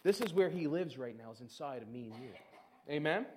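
Brief: middle-aged male preacher, high voice, animated sermon delivery. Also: a little fast. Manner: animated, acts out prayers in a mocking whiny voice.

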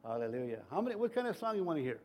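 A middle-aged man preaches in a church, pitched a little high for a man. He talks in a folksy, rambling way, full of restarts and fillers. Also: very animated, very fast, breathy edge, soft background music. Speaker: pastor. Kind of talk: sermon. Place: church sanctuary.

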